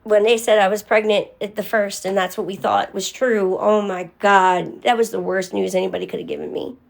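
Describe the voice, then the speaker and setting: Young woman, gravelly voice, casual live-stream chat, candid, thanks viewers by name. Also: mid-range voice, steady tone, fairly quick. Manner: candid, answers commenters by name.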